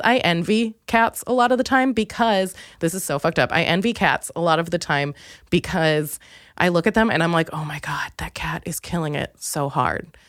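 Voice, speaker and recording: A young woman comedian hosting her podcast, rambling through a casual comic monologue with self-mocking asides and sudden high excited quotes. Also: no echo, clean studio sound.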